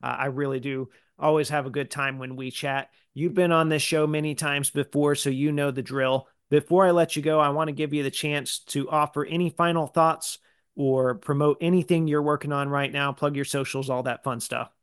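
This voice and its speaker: A man hosting a podcast, talking in a relaxed, conversational way with frequent fillers. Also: a little high, moderate pace, smooth, dry recording, studio quality. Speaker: podcast host. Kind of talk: casual podcast chat.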